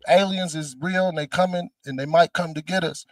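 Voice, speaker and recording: A man's voice: a little high, fairly even intonation, a little fast, no room sound, recorded from a distance. A man, a comedian, riffing loosely and slangily, laughing through his jokes. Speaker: comedian guest. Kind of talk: casual comic riffing.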